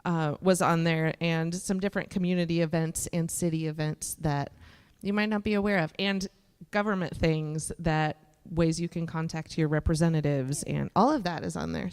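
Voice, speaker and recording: A woman's voice: low-pitched, fairly even intonation, normal speed, few pauses, darkish tone, clean tone. A woman hosting an on-stage interview at a church service, affirming her guest and adding dry sarcastic asides. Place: church sanctuary. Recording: long hall reverb.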